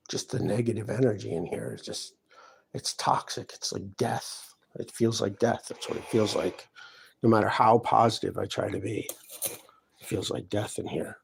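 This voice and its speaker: A man's voice: fairly low pitch, slow pace, creaky, long pauses, husky. A man talking at length in his apartment, distressed and aggrieved, rambling from one complaint to the next. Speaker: vlogger. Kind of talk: rambling personal monologue to camera.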